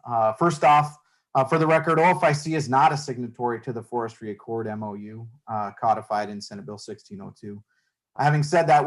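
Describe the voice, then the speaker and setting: A man giving formal public testimony as an industry representative over a remote call, earnest and measured, halting at times. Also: medium pitch, rough recording.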